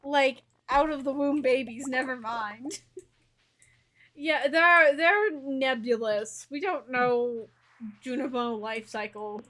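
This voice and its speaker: A young woman streamer chatting casually with a guest, animated and playfully teasing, often laughing. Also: high-pitched, takes it slowly.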